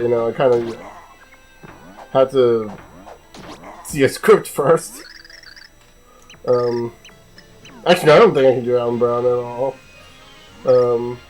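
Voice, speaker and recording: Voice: mid-range voice, expressive, moderate pace, long pauses, darkish tone, faint music behind, rough recording. A let's play commentator chatting casually and rambling through gameplay, self-mocking.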